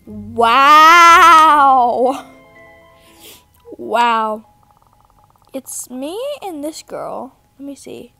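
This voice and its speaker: A woman giving casual commentary over a horror game, excitable and easily startled, repeating her exclamations over and over. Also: high-pitched, slow, gravelly, few pauses, dry recording, soft background music. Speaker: gameplay commentator.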